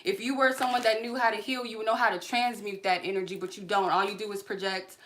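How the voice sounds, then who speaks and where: Speaking fast in a mid-range voice, a tarot card reader who hosts her own channel unleashes an angry, profane live-stream rant at a viewer. She's confrontational and cursing the whole way through, with a clear, steady noise running underneath.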